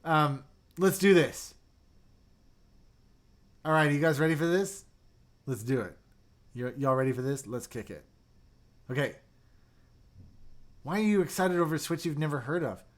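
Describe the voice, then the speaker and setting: A young man hosting a casual livestream, chatty and excitable, reading viewer comments and dropping into mumbled asides. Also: a little high, moderate pace, long pauses. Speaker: livestream host reviewing keyboards.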